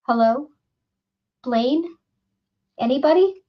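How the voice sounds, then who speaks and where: A woman's voice: high voice, lively intonation. A woman reading a jittery young man. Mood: tense. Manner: jittery, quick-tongued. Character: nervous, wisecracking young man. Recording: dull lo-fi recording.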